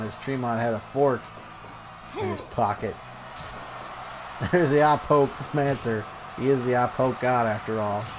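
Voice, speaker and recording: A man hosting a video game show, giving excitable play-by-play commentary on a wrestling match and chuckling along. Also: on the low side.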